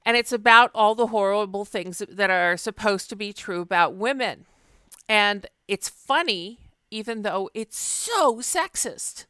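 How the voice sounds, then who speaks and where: Bright, crisp-voiced woman lecturing. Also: mid-range voice, lively intonation, measured pace, no room sound, studio quality. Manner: chatty, wry, with fillers. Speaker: literature lecturer. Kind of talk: casual recorded lecture.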